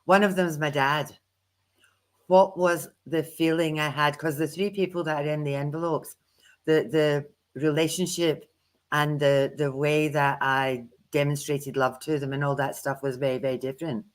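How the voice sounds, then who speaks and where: A woman co-hosts a tarot livestream in a chatty, candid way, quick to poke fun at herself. Her voice is low for a woman. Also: steady tone. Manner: candid, self-deprecating, chatty. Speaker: tarot reader co-host. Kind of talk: livestream teaching chat.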